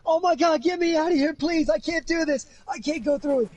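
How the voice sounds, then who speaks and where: A man's voice: very high-pitched, fairly quick, a little mellow, distant mic, voice pushed up. A man voicing a panicked young runaway bride who pleads frantically. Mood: frantic.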